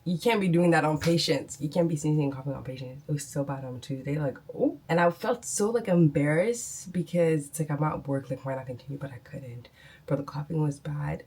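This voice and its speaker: Young woman vlogger, getting over a cold, husky and mellow, rambling slangy chat. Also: sits low, normal speed. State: out of breath, coughing. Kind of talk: casual chat.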